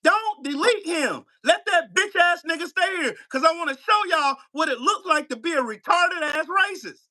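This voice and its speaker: A man's voice: extremely high pitch, expressive, moderate pace, pushed and bright. A man hosting a live stream, taunting and trash-talking in a profane rant from his home setup.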